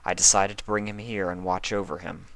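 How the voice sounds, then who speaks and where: A man voicing a gentle female pony princess of the night, speaking softly and earnestly as a storybook reader. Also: low voice, little pitch movement, fairly quick, no echo. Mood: worried.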